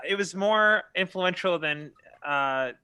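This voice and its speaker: A man's voice: sits high, slow, a crowd in the background. A man joking and wisecracking with friends on a video call. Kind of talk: casual chat.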